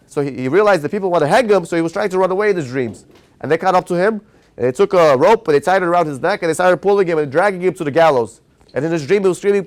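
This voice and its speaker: Speaking quickly in a high voice, a rabbi tells a lively story during a Torah class. He is an animated storyteller who pauses now and then to quiz his listeners before carrying on.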